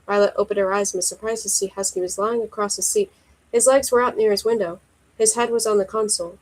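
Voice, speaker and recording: A woman reading her own romance story aloud in a steady, even voice. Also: medium pitch, quick pace, poor audio.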